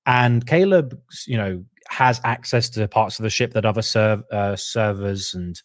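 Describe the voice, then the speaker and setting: A man co-hosting a casual podcast, chatting through a story and acting out characters' lines in quick asides. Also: fairly low pitch, no echo, clean studio sound. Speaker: podcast co-host. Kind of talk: casual lore discussion.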